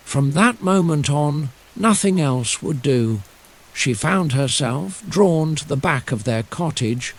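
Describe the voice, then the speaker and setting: A man narrating a bedtime fairy tale in a slow, soothing, lyrical way. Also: on the high side, poor audio. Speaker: storyteller. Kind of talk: scripted bedtime story narration. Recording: steady rain sounds behind. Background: rain.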